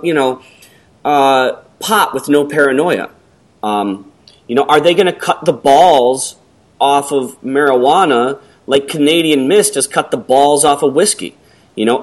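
A middle-aged man co-hosting a casual talk, rambling and hesitant, with many pauses and ums. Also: mid-range voice. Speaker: podcast co-host. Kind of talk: casual conversation.

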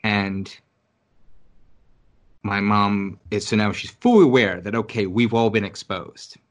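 Man from New York City, lower voice, casual, swears a lot, animated storyteller. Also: measured pace. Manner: rambling, profane, animated storytelling. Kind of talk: casual conversation. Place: Virginia.

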